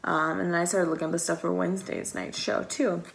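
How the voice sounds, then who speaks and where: A young woman from the United States vlogs a long, rambling story in a lowish, level voice with vocal fry, speaking briskly. Chatty and full of "like," she acts out the quoted exchanges.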